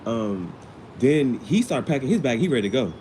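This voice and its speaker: A man's voice: mid-range voice, very animated, normal speed, dark tone, slight background noise, low-quality recording. A man casually recapping a TV episode in slangy, rambling speech with many restarts. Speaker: vlogger.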